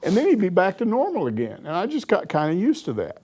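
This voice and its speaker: Speaking quickly in a voice that sits high, an older man who reports on sports spins anecdotes in a relaxed conversation, laughing his way through them as he answers questions.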